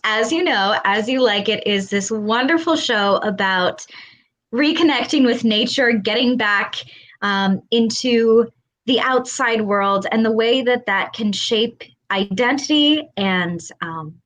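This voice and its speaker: A woman's voice: a little high, slow pace, a bit bright. A woman actor guesting in an interview over a video call, articulate and eager. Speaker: theatre company actor.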